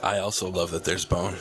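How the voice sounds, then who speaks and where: A man hosting a food vlog, chatting casually and laughing often at a restaurant table. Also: low voice. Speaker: food vlogger host. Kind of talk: casual food review chat. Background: background music.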